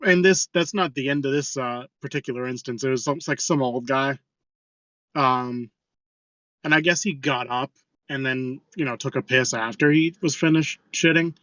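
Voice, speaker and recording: A man's voice: mid-range voice, moderate pace, a bit bright, dry recording, lo-fi sound. A man co-hosting a podcast, telling a crude work story in casual chat, swearing freely. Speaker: podcast co-host.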